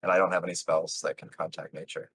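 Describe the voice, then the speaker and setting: A man playing in a tabletop game, deliberate and halting. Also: deep voice, little pitch movement, a bit bright, husky, no room sound. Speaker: player. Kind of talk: tabletop role-play chat.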